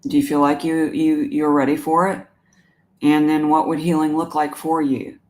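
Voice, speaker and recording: A woman hosting a live stream as an animal communicator. She talks gently and emotionally about pet loss and answers viewer comments, often pausing and restarting her sentences. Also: low voice, flat delivery. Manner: warm, emotional, halting with many restarts.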